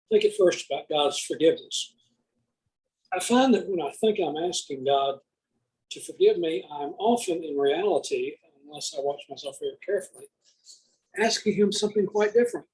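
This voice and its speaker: A man's voice: fairly high pitch, a little mellow, low-quality recording. A man in a discussion group reading a passage aloud, steadily and with care.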